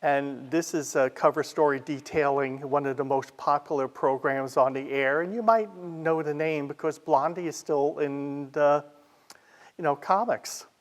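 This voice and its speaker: A man presenting a library history talk in a chatty, informal way, often pausing on "uh" and adding side remarks. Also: a little high. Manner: chatty, with frequent "uh" fillers and asides.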